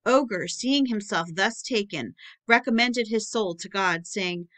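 A woman narrating a public-domain book aloud in a steady, measured reading. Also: mid-range voice. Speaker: audiobook narrator.

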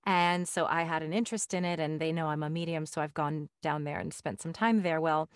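A woman's voice: low voice, fairly quick, clear, resonant tone, dry recording. A woman hosting a podcast interview, telling stories with enthusiasm. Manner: enthusiastic, animated storytelling. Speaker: podcast host. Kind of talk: casual interview chat.

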